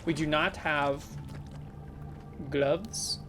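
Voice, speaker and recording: Low-voiced woman streamer chatting casually. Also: extremely slow, over music. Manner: casual, playful, talks back to chat with sudden loud exclamations. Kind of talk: live gameplay commentary chatting with viewers.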